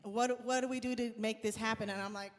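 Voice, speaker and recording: A woman host and singer telling stories in a casual chat on a live stream, animated and laughing often as she acts out quotes. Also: fairly high pitch, brisk, big-room sound.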